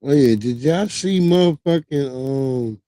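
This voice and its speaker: A man's voice: mid-range voice, unhurried, no echo. A man in his thirties hosting a livestream, giving loose, profane, casual commentary on news clips. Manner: loose, profane, animated storytelling. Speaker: livestream host.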